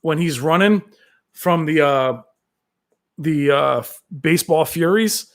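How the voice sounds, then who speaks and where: A man hosting a casual live stream from home, reading viewer comments aloud and talking in a rambling, excitable way. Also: fairly high pitch, slow pace. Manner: rambling, excitable, with frequent fillers. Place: at home with his cat.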